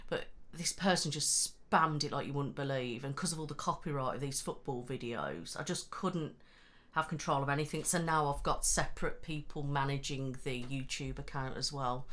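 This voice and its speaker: A woman's voice: extremely low pitch, a bit bright. A young woman with a West Midlands accent chatting casually on a live stream, rambling and laughing often. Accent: West Midlands English. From West Midlands, England. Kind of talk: casual chat.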